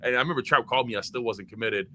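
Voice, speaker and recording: A man's voice: mid-range voice, very fast, bright, forceful tone, slight background noise. A young man from Maryland, a podcast guest and former college football player, talking in a loose, chatty way with lots of fillers and restarts. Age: young adult. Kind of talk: casual chat.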